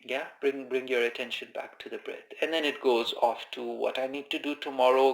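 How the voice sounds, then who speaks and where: A man giving informal spoken meditation instruction, calm and conversational, who repeats his key phrases. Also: medium pitch, moderate pace, gravelly, few pauses. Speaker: meditation teacher. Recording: echoey room.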